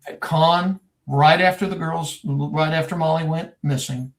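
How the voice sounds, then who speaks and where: A middle-aged man from Texas, a private investigator, telling a case story in a folksy, animated way as a podcast guest. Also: fairly high pitch, unhurried, vocal fry.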